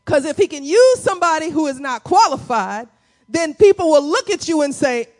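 A woman pastor delivers a sermon in a loose, conversational way. She acts out quotes and reactions as she talks, and her voice sits slightly high. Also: big pitch swings, normal speed, darkish tone. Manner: conversational preaching with acted-out quotes.

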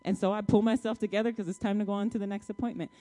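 A woman's voice: medium pitch, steady tone, rapid-fire, mellow. A married woman telling her testimony to a congregation in a colloquial, emphatic storytelling style, talking straight to her listeners. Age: adult, married, child-bearing years. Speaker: church speaker sharing a testimony.

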